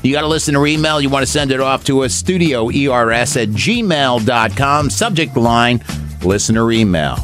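A man's voice: mid-range voice, animated, normal speed, a bit bright, soft background music. A man hosting a radio show, giving joking advice in casual banter.

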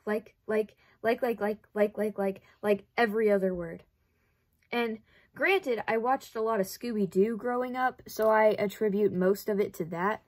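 A young woman from the southern United States with a light Southern accent, rambling in a casual vlog while she sews, full of "like" and wry self-deprecating asides. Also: medium pitch. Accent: light Southern American. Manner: rambling, chatty, says "like" often. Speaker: vlogger. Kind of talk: casual chat while sewing.

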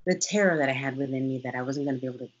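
A woman guest on a podcast, recounting a personal story in an animated way, often acting out what others said and laughing. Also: extremely low pitch, very fast, husky, highs cut off. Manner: animated, acts out quoted voices, laughs often.

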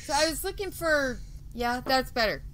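A woman co-hosting a podcast in loose, loud chat, often laughing at herself. Her voice is bright and forceful, a little higher than most. Faint noise hums under the call recording. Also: animated, moderate pace. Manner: loud, laughing, self-mocking. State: stiff neck, cannot turn head. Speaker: podcast co-host. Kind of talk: casual chat. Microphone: video call with microphone.

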